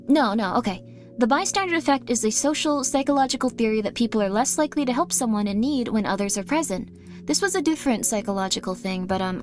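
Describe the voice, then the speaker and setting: A woman streamer chatting casually with viewers, rambling with many fillers. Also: fairly high pitch.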